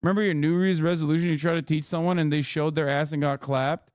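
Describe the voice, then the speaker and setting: A man's voice: fairly high pitch, steady tone, quick pace, darkish tone, clean tone, no room sound, studio quality. A man streamer giving heated political commentary, ranting with exasperation and heavy swearing. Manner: mocks others in put-on voices.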